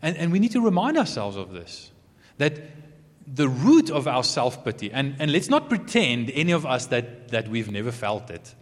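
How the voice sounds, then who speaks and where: An earnest male preacher delivering a sermon with a mid-pitched voice that swings widely between emphatic highs and hushed lows. His words carry a long reverb, as if spoken in a large hall. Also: moderate pace. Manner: earnest, expressive, occasional soft asides.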